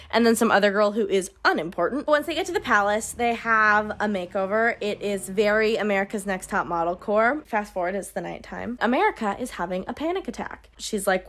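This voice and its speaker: Young woman, casual book recap, sarcastic, animated, acts out characters. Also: medium pitch. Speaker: book reviewer.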